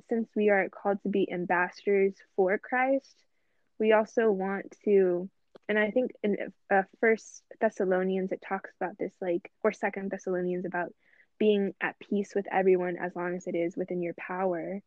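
A woman's voice: mid-range voice, steady tone, moderate pace, dry recording. Woman, podcast co-host, earnest and reflective, dry tinny phone-like sound. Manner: earnest, reflective, quotes scripture. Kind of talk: casual faith discussion.

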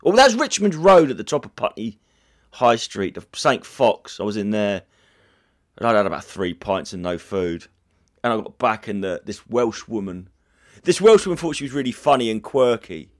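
Brief: bloke in his forties, chatty podcast host, lively, swinging delivery, swears freely. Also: on the low side, normal speed. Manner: rambling, animated, sweary. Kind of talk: casual storytelling chat.

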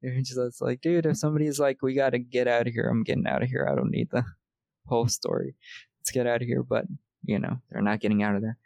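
Gravelly American man recapping a film. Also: mid-range voice, steady tone, fast, darkish tone, no echo. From United States. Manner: rambling, laughs often, swears casually. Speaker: podcast co-host. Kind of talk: casual movie recap chat.

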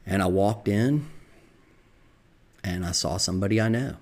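A man's voice: fairly low pitch, normal speed. A middle-aged man with a Southern American accent, telling his own recovery story in a reflective, confessional way. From Southern United States. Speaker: podcast storyteller.

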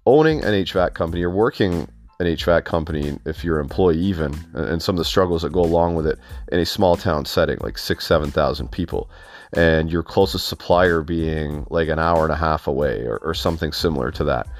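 A man's voice: rumbling low, fairly quick, faint music behind. A Canadian man hosting a trade podcast in a chatty, rambling way, often restarting his sentences. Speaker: podcast host. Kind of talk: casual interview. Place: home basement studio.

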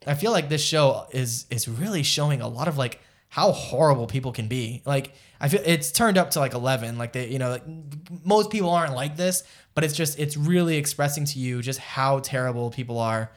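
A man's voice: medium pitch, animated, fairly quick, hardly any pauses. Rambling male anime podcast co-host. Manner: rambling, lots of fillers and asides, distracted by live chat. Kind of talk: casual chat reviewing anime.

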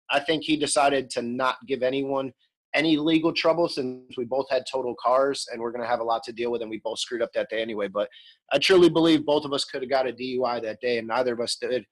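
A man's voice: mid-range voice, fairly quick, low-quality recording. A man in his thirties, an interview guest telling his story frankly and conversationally, with frequent ums and restarts. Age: 30s. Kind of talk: candid storytelling.

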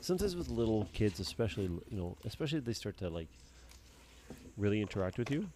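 A man's voice: lowish voice, sing-song, fast, background noise. A man co-hosting a podcast, rambling casually and swearing freely. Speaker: podcast co-host. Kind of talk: casual chat.

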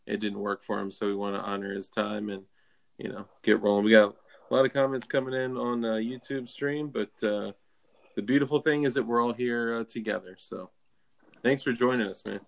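A man co-hosting a casual podcast, laid-back and quick to laugh. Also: lowish voice, steady tone, gravelly. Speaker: podcast co-host.

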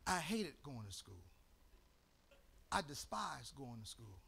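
A man from Chicago preaching a sermon as pastor. He tells a story and then builds into shouted, half-sung preaching. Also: medium pitch, very animated, slow, gravelly, husky. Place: church sanctuary.

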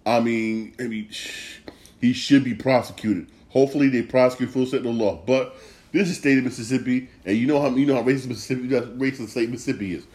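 A middle-aged man talks through his solo show in a loose, rambling way. He circles back over the same phrases again and again and swears without a second thought. His voice sits at an ordinary mid pitch. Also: a little fast, darkish tone. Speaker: podcast host. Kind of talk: casual solo talk show.

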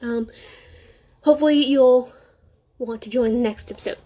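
Teen girl podcaster rambling at home, kinda high voice, keeps correcting herself, sarcastic. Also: normal speed, warm tone. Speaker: podcast host. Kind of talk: casual solo podcast chat.

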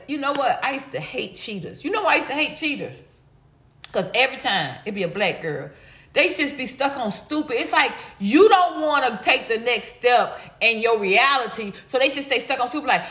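A woman's voice: a little high, very animated, moderate pace, pushed and bright. A middle-aged woman hosting a livestream, chatting casually and reading chat comments in a slangy, blunt, laughing way. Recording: echoey room.

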